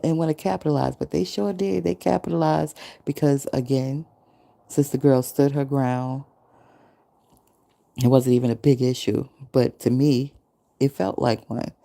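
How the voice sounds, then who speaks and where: A woman's voice: low-pitched, gravelly. A woman in her forties hosting a podcast, talking casually and acting out quotes as she tells a story. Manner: animated storytelling, acting out others' quotes, frequent laughter. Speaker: podcast host. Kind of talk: casual monologue. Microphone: podcast mic.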